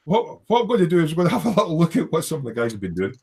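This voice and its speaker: Against background noise, a man with a high-leaning, gravelly voice talks rapid-fire with huge pitch swings. He's hosting a relaxed livestream from his hobby workshop, reading viewers' comments aloud, joking, rambling and laughing easily.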